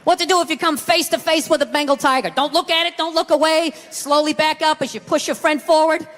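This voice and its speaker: A man doing a loud, profane stand-up routine on a comedy stage. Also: very high voice, steady tone, brisk, big-room sound. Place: comedy stage with a live audience.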